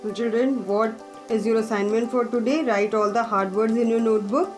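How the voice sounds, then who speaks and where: A woman's voice: on the high side, steady tone, a little fast, a little mellow, faint music behind. A woman teacher, explaining words to young pupils and spelling them out letter by letter. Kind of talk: online class lesson.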